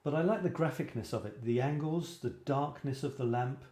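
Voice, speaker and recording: British male host, mellow voice, rambling and self-deprecating, roomy echo. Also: mid-range voice, normal speed. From Britain. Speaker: host of a photography show. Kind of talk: casual livestream chat. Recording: echoey room.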